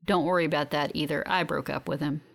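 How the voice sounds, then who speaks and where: A woman voicing a grieving older sister who speaks tearfully while trying to sound calm. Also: sits low, fast talker, creaky, voice pushed down. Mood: tearful, tender.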